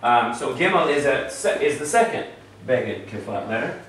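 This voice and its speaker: A man's voice: mid-range voice, expressive, normal speed. A man teaching a class, explaining patiently step by step and checking in with his students. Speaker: Hebrew teacher. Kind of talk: classroom lesson. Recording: echoey room from far off, faint noise.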